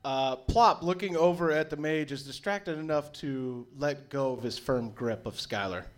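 A man's voice: fairly high pitch, normal speed. A man narrating a tabletop game as game master, casual with lots of "uh" fillers.

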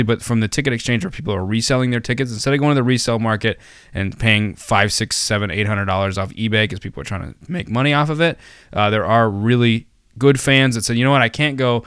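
Clean studio sound with no room noise carries a man's smooth, mid-range, fairly bright voice. Hosting a casual podcast, he rambles, restarts often, uses many fillers, and throws in self-mocking jokes.

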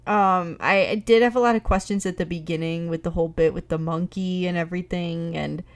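A woman's voice: fairly low pitch, fairly even intonation, a little fast, clean tone. Young woman, podcast co-host, playful, teasing, slangy casual chat.

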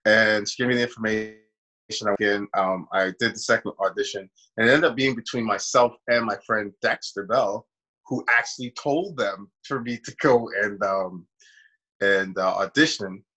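A man's voice: on the low side, moderate pace, pushed and bright, rough recording. A man, an actor, casually telling a long personal story in an interview and acting out the voices of people he quotes. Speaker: actor guest.

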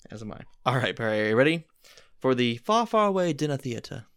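A man calls out word prompts in a casual game and drops dry quips along the way. His pitch moves widely from word to word, and the recording is close and dry. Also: big pitch swings, fast, fairly bright tone, smooth, no room sound. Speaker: co-host. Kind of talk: casual chat, playing word games.

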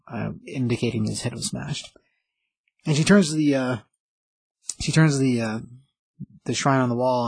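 A man's voice: medium pitch, creaky, darkish tone, husky, no room sound, low-quality recording. A man casually recapping a comic book story, rambling with lots of fillers and restarts.

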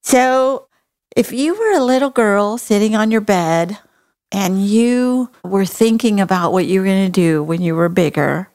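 A woman's voice: mid-range voice, a little slow, darkish tone. A middle-aged woman from Texas, hosting a casual conversation in an earnest, folksy and compassionate way. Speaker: host.

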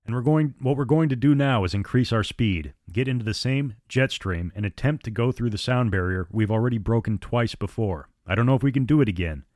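A man voicing a male airline captain who speaks soft and firm while addressing his crew and passengers. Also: medium pitch, animated, brisk, hardly any pauses, dry recording, clean studio sound, close to an everyday voice. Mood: resolute. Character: male airline captain, steady under crisis.

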